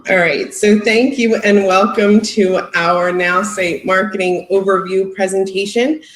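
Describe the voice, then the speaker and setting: A woman's voice: mid-range voice, steady tone, measured pace, reverberant, poor audio. A woman, a company marketing executive, giving a heartfelt, emotional live presentation on a video call, close to tears.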